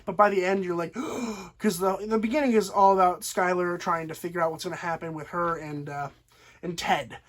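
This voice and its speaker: A man's voice: sits high, fairly bright tone. A man giving a casual spoken TV show review, enthusiastic and rambling, with lots of fillers.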